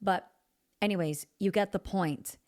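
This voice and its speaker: A woman vocal coach giving a casual singing lesson, chatty and expressive, thinking aloud as she teaches. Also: medium pitch, unhurried.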